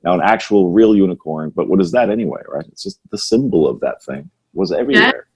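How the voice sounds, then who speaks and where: A man's voice: low-pitched, animated, quick pace, breathy edge. A man hosting a podcast, chatting casually and musing in a rambling way, often tagging his points with "right?". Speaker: podcast host. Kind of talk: casual conversational chat.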